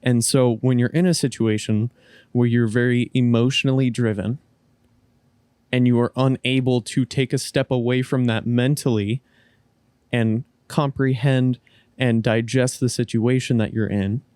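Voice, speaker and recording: A man's voice: medium pitch, steady tone, unhurried, darkish tone, clean tone, dry recording. A man co-hosting a casual podcast, rambling through his point with frequent restarts and casual swearing. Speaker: podcast co-host.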